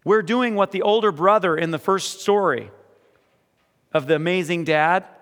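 A male pastor delivers a sermon in a somewhat high voice. He moves between quiet, earnest scripture reading and emphatic exhortation. The sound rings out with a long reverb across a large hall. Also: normal speed.

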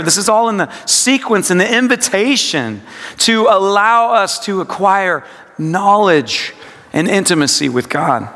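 A man's voice: high-pitched, a bit bright. Reflective man preaching in a reverberant hall. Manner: slow, reflective, repeats lines with shifting emphasis. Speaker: pastor. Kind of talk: devotional sermon with guided scripture meditation.

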